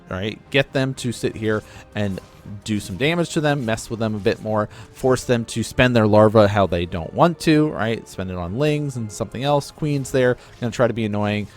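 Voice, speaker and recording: A man giving casual play-by-play commentary on a real-time strategy match, explaining the strategy as he goes. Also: fairly low pitch. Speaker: game caster.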